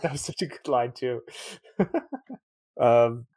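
A man co-hosts a podcast, chatting casually about a movie, rambling, laughing often and acting out lines in a raised voice. His mid-range voice is slow and darkish, captured in clean studio sound with no echo.

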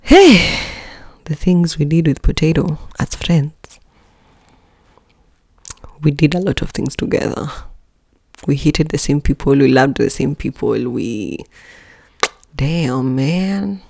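Gravelly-voiced woman telling a candid story. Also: slow pace, pauses often, no echo. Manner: candid and expressive, with jumps in pitch and level; joking asides to listeners. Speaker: podcast host. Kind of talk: casual personal storytelling.

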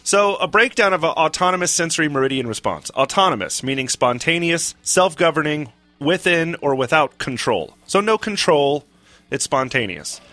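A man with a Southern US accent co-hosts a casual podcast, explaining and reading out definitions. His voice is bright and a little high, recorded dry and close, with faint music underneath. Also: animated, moderate pace, no echo. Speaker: podcast co-host. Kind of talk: casual chat.

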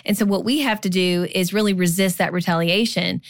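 A woman's voice: on the low side, fairly even intonation, fairly quick, gravelly, no echo, studio quality. A woman in her forties co-hosting a podcast, giving casual marriage advice in a chatty way, full of "like" and "you know". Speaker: podcast co-host.

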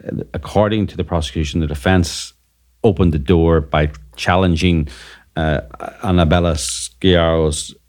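A man with a very deep voice hosts a news podcast. He chats casually about the day in court. He pauses often and fills the gaps with hesitant sounds. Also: steady tone, a little mellow. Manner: hesitant, many filler sounds. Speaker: podcast host and trial reporter.

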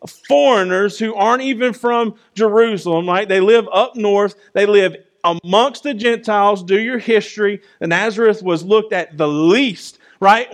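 A man preaches in a lively way that often turns to the listeners, with a voice a bit higher than most men. He moves from strong, driving lines to near-quiet ones and keeps asking "right?" as he goes. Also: a little slow, hardly any pauses. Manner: emphatic, swings between loud and soft; conversational, often asks "right?". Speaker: pastor. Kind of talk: sermon.

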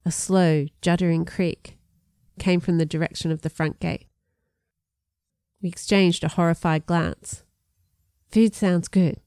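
A woman reading a first-person story aloud, expressive and lively in her narration. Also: measured pace, long pauses, clean tone, no room sound, studio quality. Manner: expressive, lifts pitch for dialogue. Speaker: audiobook narrator.

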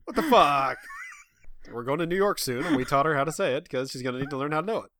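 A man's voice: on the high side, fast, a bit bright. A man co-hosting a casual podcast, talking in a rambling, chatty way and laughing often. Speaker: podcast co-host. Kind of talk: casual chat.

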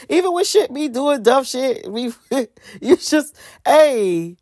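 A young woman in her twenties talking in a casual, rambling, profane way, animated and sometimes breaking into song. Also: sits high, slow pace, no room sound, studio quality. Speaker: vlogger.

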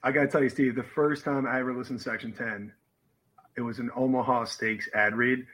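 A man telling a story in casual podcast chat, animated and swearing freely. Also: medium pitch, a little fast, poor audio.

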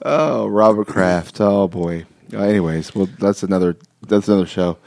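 A man's voice: lowish voice, unhurried, creaky, darkish tone, dry recording, studio quality. A man hosting a casual podcast chat, telling a story in a rambling way with many restarts and frequent laughter. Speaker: podcast host.

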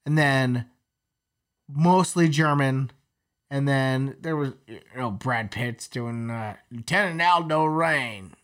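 A man co-hosts a podcast and talks at a middle pitch. He rambles through restarts and fillers, swearing freely. His delivery is loose and conversational. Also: slow, a bit bright, clean tone. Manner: rambling, profane, lots of fillers. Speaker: podcast co-host. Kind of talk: casual chat.

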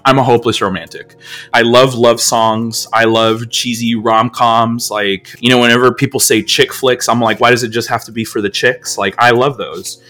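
A man's voice: mid-range voice, bright, forceful tone. An American man hosting a podcast, talking casually in a rambling, filler-heavy, self-deprecating way. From United States. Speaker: podcast host.

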